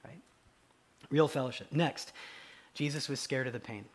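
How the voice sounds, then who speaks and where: A man preaching a conversational sermon, dropping to quiet low asides and rising into loud, excited acted quotes. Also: moderate pace, slight background noise. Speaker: pastor.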